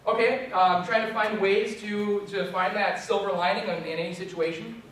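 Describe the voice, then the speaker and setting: A young man telling a funny story to a group as a trainer, animated and self-mocking. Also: high voice, moderate pace, slight background noise. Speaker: resilience trainer. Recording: echoey room from far off.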